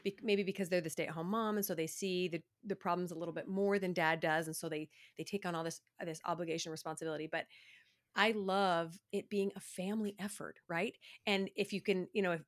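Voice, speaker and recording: A woman hosting a podcast with a slightly low-pitched voice. She keeps affirming her guests and often checks in with a "right?" as she talks casually. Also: fairly even intonation, a little fast. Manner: affirming and encouraging, asks with "right?". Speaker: podcast host. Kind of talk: casual interview chat.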